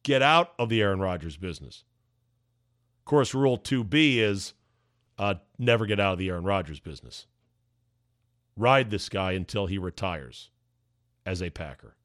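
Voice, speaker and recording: A man hosting a podcast, delivering an emphatic, ranting opinion monologue with sarcastic asides, his voice going hoarse. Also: low voice, expressive, moderate pace, long pauses, a bit bright, no echo, studio quality. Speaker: podcast host.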